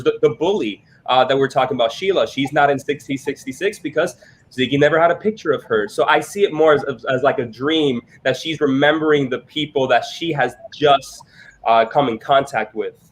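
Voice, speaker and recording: A man lays out his theory about a film on a casual live stream, speaking in a measured, explanatory way. He is a little self-deprecating about his own ideas. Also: medium pitch, a little hiss or hum. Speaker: film discussion panelist.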